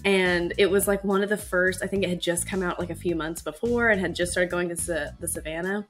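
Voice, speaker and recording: A woman's voice: on the low side, fairly even intonation, fairly quick, faint music behind. A woman on a casual panel chat, telling stories in a chatty way with lots of filler words. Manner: chatty storyteller, many filler likes. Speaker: panel member.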